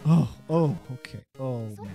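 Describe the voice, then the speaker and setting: A woman's voice: rumbling low, expressive, measured pace, gravelly, mellow, soft background music. A young woman playing a platform game and chatting casually, often frustrated and swearing at her mistakes. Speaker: let's play gamer. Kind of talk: casual gaming chat.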